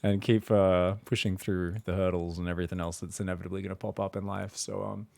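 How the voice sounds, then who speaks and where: A man's voice: sits low, flat delivery, fast, vocal fry, a little mellow. A man who coaches a strategy game over a voice call, talking casually, laughing often and swearing now and then. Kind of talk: casual coaching chat on stream.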